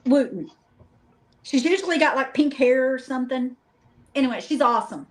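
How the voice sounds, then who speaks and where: A middle-aged woman guest, telling lively, joking stories about a paranormal investigation in a casual chat. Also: high-pitched, moderate pace, crowd noise, poor audio. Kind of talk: casual storytelling.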